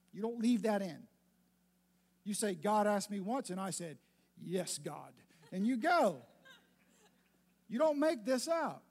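High-voiced, emphatic man preaching. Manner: conversational, emphatic, repeats phrases for stress. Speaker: pastor. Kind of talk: sermon.

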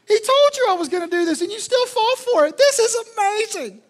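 A man's voice: very high voice, expressive, fairly quick, pitched above the performer's own voice. A man putting on a cackling, gloating devil. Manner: cackling, taunting. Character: gleeful mocking male devil.

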